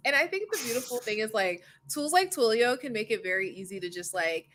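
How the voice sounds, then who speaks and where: A woman's voice: fairly high pitch, expressive, brisk, hardly any pauses, pushed and bright. A woman with a New York accent co-hosting a livestream, bantering playfully in casual chat. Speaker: co-host.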